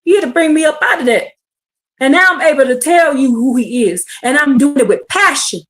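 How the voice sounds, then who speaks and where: A woman preaching a fervent livestream sermon, swinging from hushed to shouting as she calls out to her listeners. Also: high voice, lively intonation, a little fast.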